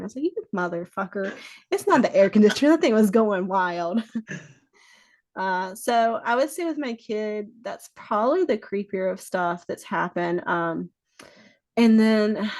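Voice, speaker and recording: A woman's voice: medium pitch, gravelly, no room sound. A woman guest on a podcast, telling stories in a casual chat, swearing freely and acting out what people said. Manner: swears freely, acts out quoted dialogue.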